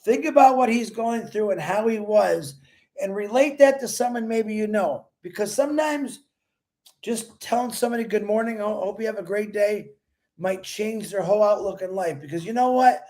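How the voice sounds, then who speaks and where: A man with a strikingly high voice hosts a casual livestream. He talks in an emotional, effusive way and greets his viewers one by one by name. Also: normal speed, a little mellow. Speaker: livestream host.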